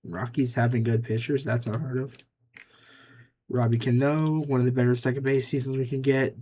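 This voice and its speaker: A man's voice: mid-range voice, flat delivery, moderate pace, dark tone, breathy edge. A young man giving casual gameplay commentary, muttering offhand, dry remarks to himself as he makes picks. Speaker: gaming YouTuber.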